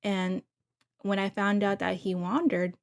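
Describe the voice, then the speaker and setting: Casual female recap host, middle pitch, gossipy and gushing, talks straight to her viewers. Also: flat delivery, a little slow, vocal fry. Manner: chatty, gushing asides to viewers.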